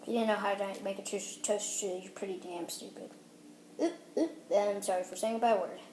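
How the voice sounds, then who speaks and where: A woman's voice: medium pitch, steady tone, fairly quick, warm tone, echoey room, slight background noise. A woman giving a goofy, rambling casual how-to vlog, cutting herself off with silly asides. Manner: goofy, rambling, self-interrupting. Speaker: vlogger demonstrating a snack.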